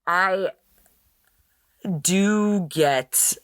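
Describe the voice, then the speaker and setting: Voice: mid-range voice, animated, slow pace, a bit bright, clear, resonant tone, dry recording, studio quality. A young adult podcast host recapping a TV episode in a chatty way with sarcastic asides.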